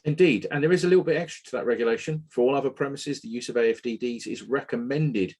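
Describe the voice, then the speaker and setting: A man hosting a technical webinar, talking in an animated, opinionated way and sometimes swearing. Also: medium pitch, fast, slightly rough. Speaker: webinar host. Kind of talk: casual technical webinar talk.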